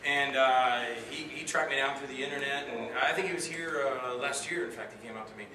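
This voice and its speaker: A man recounts his acting jobs to a convention audience, chatty and rambling, full of fillers and acted-out voices. His voice sits at an ordinary pitch and sounds distant from the mic. An echoey hall carries noticeable background noise. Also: brisk, pushed and bright. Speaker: actor answering audience questions. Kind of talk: storytelling Q&A at a convention panel.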